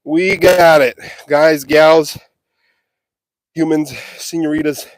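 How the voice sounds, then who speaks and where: This casual live vlog has a sweaty, out-of-breath man joking at his own expense as he works outdoors on a windy farm, phone in hand or pocket. He speaks slowly in a fairly high, steady voice. There's slight background noise.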